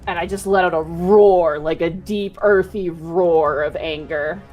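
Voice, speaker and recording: Woman player, slow unhurried talk, fairly low voice, describing her monster, faint music behind. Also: steady tone, lo-fi sound. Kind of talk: playing a monster in a tabletop game.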